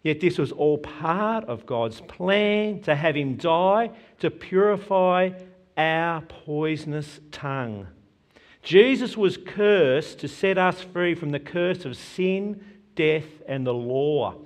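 A man preaching a sermon, earnest and measured, quoting scripture with emphasis. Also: on the high side, animated.

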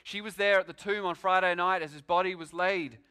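Bright-voiced man preaching with fervor. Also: high voice, fairly even intonation, clear, resonant tone. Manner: emphatic, swings from loud declarations to hushed pauses. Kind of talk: sermon.

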